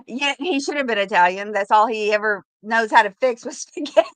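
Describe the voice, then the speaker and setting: A slightly high, slightly fast voice with no room sound belongs to a middle-aged woman running a relaxed live-stream sale from home. She laughs frequently, chats freely, and calls out viewers by name.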